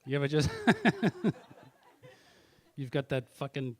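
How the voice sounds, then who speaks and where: A man's voice: a little high, expressive, very slow. Brash, profane stand-up comic man. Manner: profane, brash, teasing the audience. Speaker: stand-up comedian. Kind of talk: stand-up set with crowd work. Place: comedy club stage.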